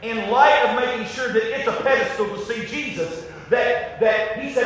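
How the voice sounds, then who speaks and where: A man preaching a sermon with emphasis, swinging from shouts to very quiet passages. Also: moderate pace, hardly any pauses, far from the mic. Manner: emphatic, rising to shouts then dropping very low. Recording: echoey hall with long reverb.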